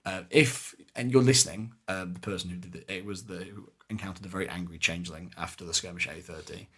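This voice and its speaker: Bright-voiced man telling stories. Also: low voice, fast talker. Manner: animated, acts out shouted lines in his stories. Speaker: podcast co-host. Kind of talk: casual storytelling chat.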